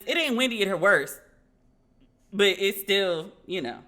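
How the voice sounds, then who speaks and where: A woman hosting a podcast, telling stories in a casual, animated way and acting out the dialogue she quotes. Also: mid-range voice, a little slow. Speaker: podcast host. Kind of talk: casual commentary.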